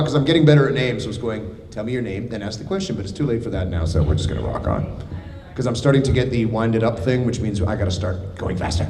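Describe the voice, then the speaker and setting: A man's voice: medium pitch, vocal fry, a little mellow. A man answering audience questions on a convention panel, riffing playfully and breaking into silly voices. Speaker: voice actor guest at a convention panel. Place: large convention hall with a live audience. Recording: echoey convention hall with a long reverb and a crowd.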